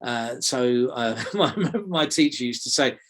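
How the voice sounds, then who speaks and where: English man, softened accent, mid-pitched, halting delivery full of fillers; interview guest. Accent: English, softened toward RP. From South London, England. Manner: hesitant, many fillers and repeated words. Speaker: magic teacher, guest. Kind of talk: conversational interview.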